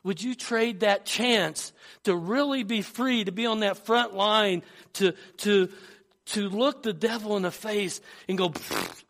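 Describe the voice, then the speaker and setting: A man's voice: high-pitched, measured pace, fairly bright tone. A man preaching a Sunday sermon, retelling a film speech with frequent restarts and rising fervor. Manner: storytelling with repeated restarts, rising to fervor when quoting. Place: church.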